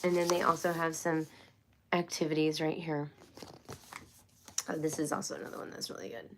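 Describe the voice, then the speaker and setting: Woman, casual live-stream chat, chatty and rambling, lower voice. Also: level tone, moderate pace, slight background noise. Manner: chatty, rambling with many fillers and restarts. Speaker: homeschool livestream host.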